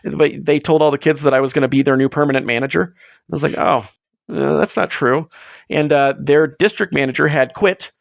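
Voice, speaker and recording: A man hosting a live show in casual chat, rambling and excitable as he tells stories, swearing freely, on a close mic. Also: a little high, a little fast, gravelly, no echo, lo-fi sound. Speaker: livestream host.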